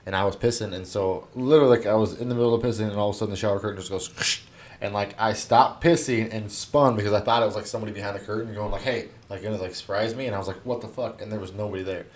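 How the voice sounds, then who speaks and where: Fast-talking, low-voiced young man. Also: fairly even intonation. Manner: rambling, swears a lot, many fillers. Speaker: podcast co-host. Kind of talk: casual storytelling chat.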